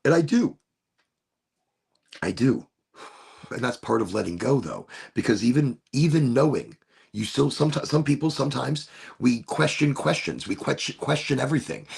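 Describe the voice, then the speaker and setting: A man with a gravelly, raspy voice hosts a solo talk show, rambling through his thoughts in a philosophical way. His pitch moves a lot as he restarts and repeats his phrases. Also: very animated, moderate pace, darkish tone. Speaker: show host.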